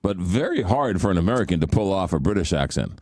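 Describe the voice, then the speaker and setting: A man's voice: deep voice, very animated, quick pace, a little mellow, no room sound, studio quality. A man hosting a radio talk show, chatting casually and rambling, with many fillers while he hunts for words. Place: radio studio.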